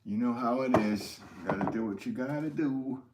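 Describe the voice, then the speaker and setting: A middle-aged man, a potter hosting a casual livestream, reading out chat comments in a relaxed, rambling way with fillers and soft chuckles. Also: mid-range voice, normal speed, heavy background noise.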